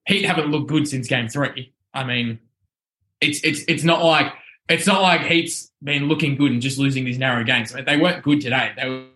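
A man on a casual sports podcast, hoarse from shouting and still running on adrenaline, rambling with restarts. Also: medium pitch, moderate pace. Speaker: podcast panelist.

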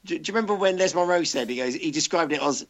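A man's voice: fairly high pitch, very fast. A man in casual podcast chat, talking emphatically and repeating words as he gets going.

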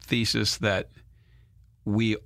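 A man's voice: fairly low pitch, flat delivery, very slow, creaky, a bit bright, dry recording, clean studio sound. A man hosting a casual conversation, asking questions and reflecting aloud, often repeating words as he thinks.

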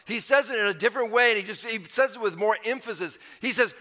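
A man's voice: high-pitched, fast, few pauses, pushed and bright, long reverb tail. A man preaching a sermon in an earnest, conversational way, repeating phrases and building to emphatic swells. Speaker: pastor.

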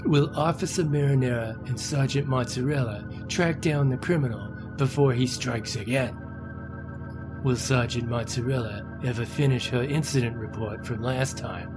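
A man's voice: mid-range voice, normal speed, over music, lightly acted. A man narrating a comedy sketch as its announcer, dry and matter-of-fact.

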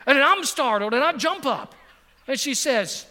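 A middle-aged male pastor preaching a sermon and telling a personal story, emphatic and repetitive, sometimes dropping to a soft voice on key points. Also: very high-pitched, lively intonation, measured pace, big-room sound. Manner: emphatic, repeats phrases for effect, drops to a soft voice on key points.

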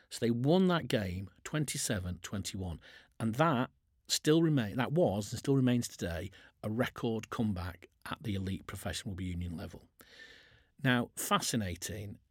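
A man's voice: lowish voice, husky, dry recording, studio quality. A man, chairman of a business, talking casually on a podcast, telling sports stories and often restarting his sentences. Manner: chatty, restarts a lot, uses sports stories.

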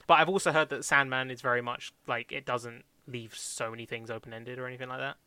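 Young male co-host, crisp bright voice, dry close sound, loose rambling chat full of fillers. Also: medium pitch, fairly even intonation, fast, dry recording. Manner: rambling, many fillers and restarts, laughs often. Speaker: podcast co-host. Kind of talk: casual chat reviewing TV shows.

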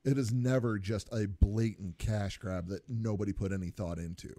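A man's voice: on the low side, fairly even intonation, normal speed, mellow, no room sound. A man co-hosting a casual podcast, groaning at a friend's story and then making an earnest case for his own view. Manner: reacts with groans and short exclamations, then argues a point earnestly. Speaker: podcast co-host. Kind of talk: casual chat.

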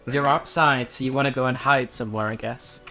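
A man's voice: medium pitch, steady tone, a little fast, bright, forceful tone, faint music behind. A man playing a tabletop game, casual and practical. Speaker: player.

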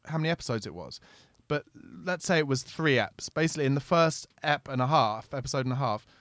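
A man's voice: mid-range voice, expressive, quick pace, dry recording, studio quality. A man, a comedian co-hosting a podcast, telling stories in sweary, casual banter. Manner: storytelling, sweary, laughs at dark jokes.

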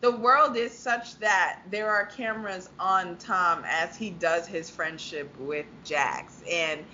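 A woman's voice: on the low side, slow, sharp tone, dull audio, slight background noise. A woman co-hosting a casual reality-TV recap chat, emphatic and swearing freely.

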